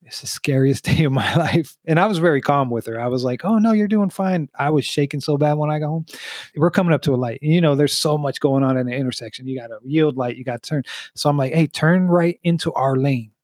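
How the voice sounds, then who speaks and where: A man in his forties hosting a podcast, telling animated stories and laughing often. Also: medium pitch, fast talker, dry recording, clean studio sound. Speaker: podcast host. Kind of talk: casual podcast chat.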